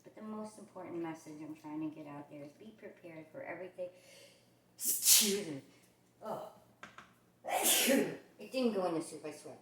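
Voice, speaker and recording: A woman's voice: fairly low pitch, moderate pace, roomy sound, noisy background. A woman from the New York and New Jersey area with a New York accent, chatting casually as she demonstrates a recipe in her home kitchen. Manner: chatty, rambling, with many fillers. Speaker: cooking channel host.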